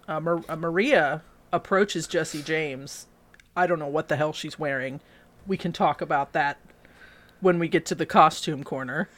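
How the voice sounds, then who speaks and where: Bright-voiced woman recapping a movie. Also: low voice, normal speed. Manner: animated storytelling, quotes characters in voices. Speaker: podcast co-host. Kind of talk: casual movie recap chat.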